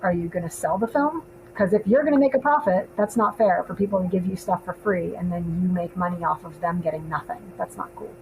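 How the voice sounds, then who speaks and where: A woman in her thirties, a filmmaker co-hosting a podcast, chats casually in a casual panel discussion, talking fast with few pauses in a fairly low voice. She's chatty, laughs often, drops lots of ums, and has the hiccups, all over a noisy background.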